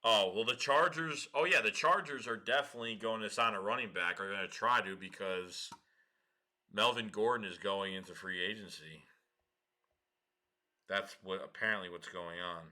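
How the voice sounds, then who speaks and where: A man hosting a casual livestream, slangy and excitable, swearing and laughing often. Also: on the low side, normal speed. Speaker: livestream host.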